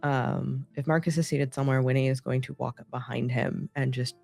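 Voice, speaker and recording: A woman playing a tabletop game, describing her character's actions and speaking softly in character. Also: extremely low pitch, steady tone, brisk, gravelly, soft background music. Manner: soft, tender speech that drops near a whisper. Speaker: player voicing Winnie. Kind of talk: in-character tabletop role-play.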